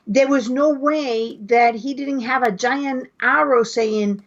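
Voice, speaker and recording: A high-pitched woman talks at an unhurried pace in a casual podcast chat. She argues her point with many restarts and pauses. The audio is dull and lo-fi. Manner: hesitant, restarts often while arguing a point. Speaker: podcast co-host.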